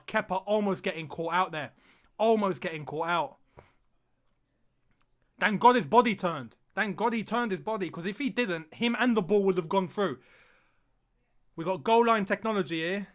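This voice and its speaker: A man with a fairly high voice for a man calls a live match from his streaming desk. He chats loosely to his viewers, laughs easily and yelps when something happens on the pitch. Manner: excitable, chatty, quick to laugh and cry out at the action. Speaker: streamer hosting a football watch-along. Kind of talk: live casual match commentary and chat.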